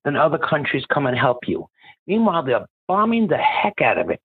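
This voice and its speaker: A man's voice: fairly high pitch, wildly swooping pitch, a little fast, slightly rough, no echo. Impassioned man ranting over a phone line. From Ireland. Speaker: caller. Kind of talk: phoned-in political rant.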